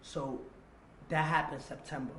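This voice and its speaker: Male interview guest, confessional storyteller, acts out dialogue, a touch high-pitched, roomy echo. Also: measured pace. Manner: animated, acts out quoted dialogue, repeats words. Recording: echoey room with faint noise.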